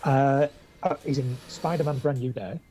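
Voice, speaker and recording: A man's voice: medium pitch, normal speed, mellow, slight background noise, poor audio. A man co-hosting a casual pop culture podcast, speaking with enthusiasm but hesitating often. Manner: enthusiastic, hesitant, with many restarts. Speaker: podcast co-host.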